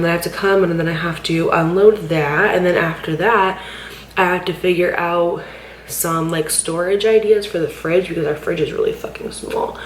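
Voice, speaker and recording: A woman's voice: fairly low pitch, reverberant, a little hiss or hum, low-quality recording. A woman vlogger rambling in a candid, frustrated vent at home, swearing often and filling with "like", sounding tearful and overwhelmed. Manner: rambling, frustrated, heavy swearing, many "like" fillers. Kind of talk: candid personal vlog venting.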